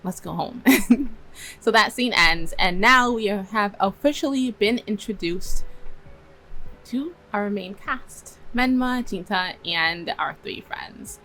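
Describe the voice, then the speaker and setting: A woman's voice: medium pitch, slow, pushed and bright, soft background music, poor audio. A young woman casually retelling and reworking story scenes, chatty and laughing often as she acts out bits of dialogue. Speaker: story reviewer.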